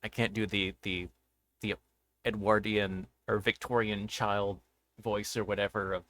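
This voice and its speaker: A man hosting an interview show in casual chat, relaxed and playful. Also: fairly low pitch, unhurried. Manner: relaxed, playful, puts on voices for jokes.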